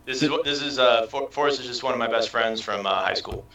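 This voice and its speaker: A soft-spoken man who speaks with hesitant pauses. His voice has a bright edge, and his pitch is mid-range. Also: creaky. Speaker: panelist. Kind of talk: casual panel chat.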